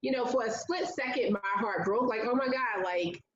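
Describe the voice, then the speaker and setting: A woman with a fairly high-pitched voice talks at a moderate pace as a guest in an interview. She relates a personal story earnestly and conversationally, full of "like" fillers. The recording is muffled and has reverb.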